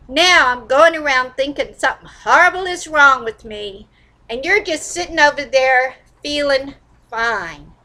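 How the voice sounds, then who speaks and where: A woman's voice: a little high, sharp tone, poor audio. A middle-aged woman, a psychic, leading a guided tapping session in an emphatic way, swinging into mock anger and cussing. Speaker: psychic and EFT tapping coach.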